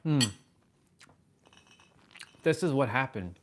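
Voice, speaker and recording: A man's voice: medium pitch, takes it slowly. Man chatting animatedly on a livestream. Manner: animated storytelling, reads viewer comments aloud. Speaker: livestream host. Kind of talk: casual livestream chat.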